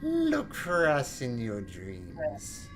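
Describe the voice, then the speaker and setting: A woman voicing a sinister old hag, one of the fates, who speaks slowly and slyly. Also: a bass voice, huge pitch swings, over music, full character voice. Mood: ominous.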